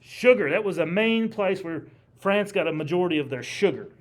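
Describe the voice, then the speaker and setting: A man lectures a history class in a classroom, his voice pitched high for a man. He keeps it casual and chatty. He often stops to quiz the students with questions. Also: expressive, fairly quick. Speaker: history teacher.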